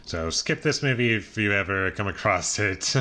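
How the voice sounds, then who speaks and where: Low-voiced man rambling through a review. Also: expressive, normal speed, pushed and bright. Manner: rambling, heavy on "like" and "uh" fillers; dry, exasperated critique with small laughs. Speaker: movie reviewer. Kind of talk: casual spoken movie review.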